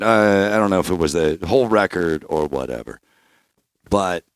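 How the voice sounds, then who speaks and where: A man from Northern California hosting a casual podcast interview, animated and profane, with rambling restarts. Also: sits low, no echo, clean studio sound. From Bay Area, Northern California. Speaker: podcast host.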